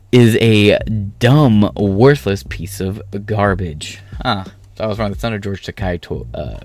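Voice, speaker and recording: Sarcastic low-voiced male commentator. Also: darkish tone. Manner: sarcastic, profane asides. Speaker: political commentary streamer. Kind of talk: casual commentary reading articles aloud.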